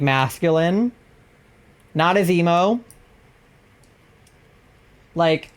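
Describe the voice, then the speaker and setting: Rambling woman streamer, filler-heavy and laughing a lot as she chats while gaming. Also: low-pitched. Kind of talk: casual chat while gaming.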